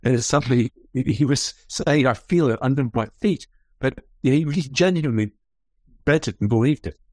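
A man of middle pitch speaks up with earnest emphasis, backing up a colleague's story. His voice is dry and close, with no room echo. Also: normal speed, darkish tone. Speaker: expedition member. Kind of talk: conversation.

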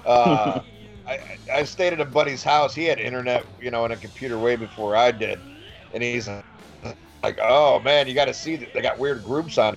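A man's voice: mid-range voice, gravelly, highs cut off. A man in casual podcast chat, telling a profane story, laughing and stammering as he goes.

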